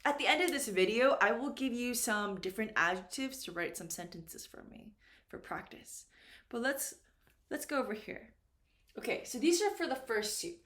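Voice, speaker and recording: A woman teaching English at a board, speaking slowly and deliberately, often checking in with "right?" and "okay?". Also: a little high, animated, a bit bright. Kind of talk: classroom grammar lesson at a board. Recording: echoey room.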